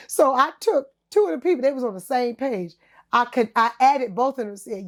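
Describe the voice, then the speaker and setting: A woman with a high, bright-pitched voice tells stories as a guest on a casual interview podcast. She talks in easy slang, full of honey and baby. She acts out other people's words and laughs often. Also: brisk. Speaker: singer and talk show host as podcast guest. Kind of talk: candid storytelling interview chat.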